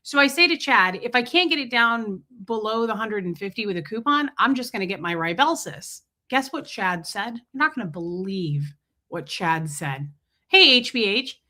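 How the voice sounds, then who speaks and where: Bright-voiced chatty woman livestreaming. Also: mid-range voice, animated, normal speed. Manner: chatty, jokey, greets viewers mid-story. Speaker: livestream host. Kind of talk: casual storytelling chat.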